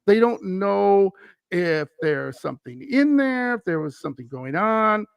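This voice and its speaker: A man's voice: high voice, measured pace, creaky, clear, resonant tone, no echo. A man from Wisconsin, a podcast guest, telling a story in a casual chat and acting out the voices of the people he quotes. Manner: animated, acts out quoted voices while retelling a story.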